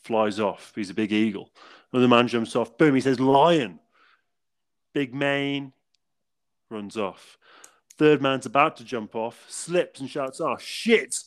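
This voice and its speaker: A man's voice: medium pitch, measured pace. Upbeat guy on a chatty podcast, laughs a lot. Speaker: podcast co-host. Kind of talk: casual chat.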